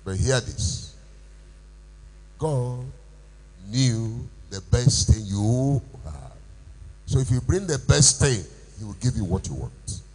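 A male pastor preaching a sermon with call-and-response questions, rising to shouts. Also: mid-range voice, lively intonation, slow, long pauses, rough recording. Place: church.

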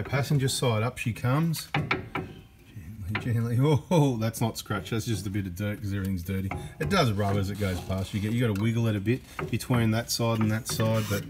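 Background noise sits under this medium-pitched male voice. He's an Australian workshop host and mechanic who jokes and chats his way through a vehicle job, forever tossing in "right?" and "mate" in relaxed commentary.

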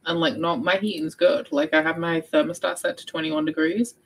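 A woman's voice: low voice, fairly even intonation, fairly quick, a little hiss or hum, poor audio. A young woman hosting a reading livestream, chatting casually and reading out viewers' updates. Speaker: book vlogger hosting a readathon livestream. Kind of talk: casual chat.

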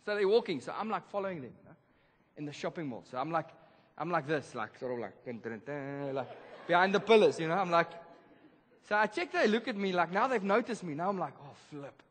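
A man preaching a sermon, telling a story in a lively, casual way with slang. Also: high voice, fairly quick, slightly rough. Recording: reverberant church hall.

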